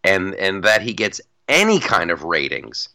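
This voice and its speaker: A man's voice: low voice, wildly swooping pitch, unhurried, gravelly, sharp tone. A man co-hosting a podcast in casual political chat, emphatic and repeating his punchlines for effect. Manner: emphatic, repeats phrases, mock-boastful. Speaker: podcast co-host.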